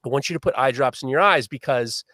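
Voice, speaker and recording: A man hosting a live podcast, telling a long story in a lively, swearing manner. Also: mid-range voice, quick pace, no echo, studio quality. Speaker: podcast host.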